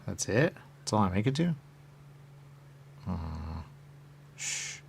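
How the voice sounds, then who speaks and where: This radio host is a man whose voice is extremely deep, rough, and laced with fry, and he meanders through an on-air monologue in the studio. He takes his time yet sounds very animated, repeating phrases over and over and lurching into abrupt loud outbursts, all over a faint background hiss.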